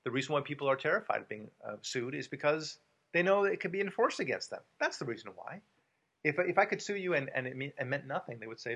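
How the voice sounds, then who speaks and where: A man's voice: a little high, very animated, fast talker, fairly bright tone, slightly rough, muffled recording. An American man hosting a casual talk show, making his points with emphasis, repeating them and using many fillers. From United States. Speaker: podcast host and author.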